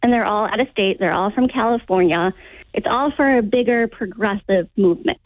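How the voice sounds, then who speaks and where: A woman's voice: mid-range voice, fairly quick, no room sound. A woman calling in to a radio show, giving blunt, short, emphatic answers. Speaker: caller, restaurant worker. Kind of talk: phone-in talk. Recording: tinny phone line.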